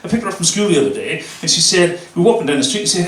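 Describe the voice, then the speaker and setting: A Northern Irish man in his thirties does a stand-up comedy set, swearing and telling stories with lots of energy. His voice sits high and comes out rapid-fire, recorded with a distant mic in an echoey room with slight background noise.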